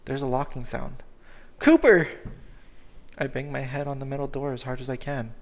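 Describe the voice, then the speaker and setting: A man reads a visual novel aloud to his viewers, emotional and correcting himself often as he goes. His voice sits at a middle pitch and has a gravelly grain. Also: completely flat delivery, fast talker. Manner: emotional, frequent self-corrections. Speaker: game streamer.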